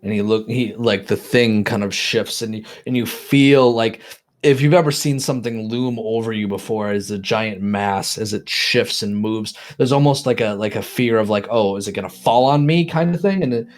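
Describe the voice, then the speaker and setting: A man narrating a tabletop game as game master, describing scenes in a halting way with many restarts. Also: on the low side.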